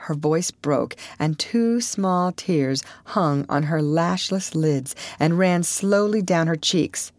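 A woman narrating an audiobook in a measured, expressive reading. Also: low-pitched, dry recording. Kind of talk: scripted narration.

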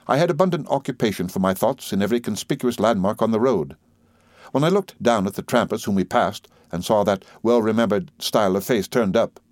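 A man with a fairly low voice reads a classic novel aloud in the first person. His delivery is measured and expressive, shaping the long sentences with care. The recording is dry and close, with no room sound at all. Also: dry recording. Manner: measured, expressive literary reading. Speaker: audiobook narrator.

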